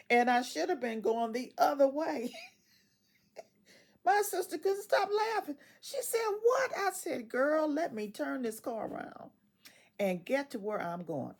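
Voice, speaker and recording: A woman in her sixties, a retiree telling a story casually, animated and quoting others in dialogue, often laughing as she talks. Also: mid-range voice, vocal fry.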